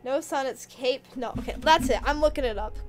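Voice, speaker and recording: A young woman streams a game and talks casually to her chat, giggly and quick to get excited. Her voice sits high. Keyboard typing is heard behind her.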